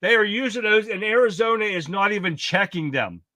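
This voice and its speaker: A man's voice: high-pitched, lively intonation, brisk, sharp tone, dry recording. A man hosting a casual political livestream, talking bluntly, swearing and greeting chat viewers by name. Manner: blunt, swearing, reads chat comments aloud. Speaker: livestream host.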